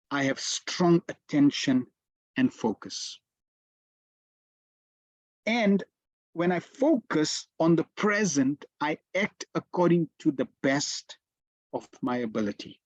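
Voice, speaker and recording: A man giving a slow, deliberate devotional lecture as a spiritual teacher, telling stories with emphatic repetitions. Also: a little high, no room sound. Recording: dull, lo-fi dry sound.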